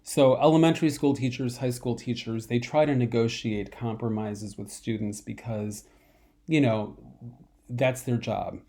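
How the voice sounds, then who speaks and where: A man teaching a college math lecture in a slow, repetitive way, often clearing his throat and coughing from a dry throat. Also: medium pitch, steady tone, mellow. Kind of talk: recorded online lecture.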